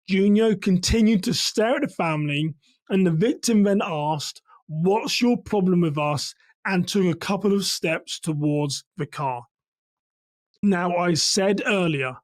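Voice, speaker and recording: Male security trainer from England, high-ish voice, dry close sound, measured teaching delivery. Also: dry recording. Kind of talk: commentary on a case.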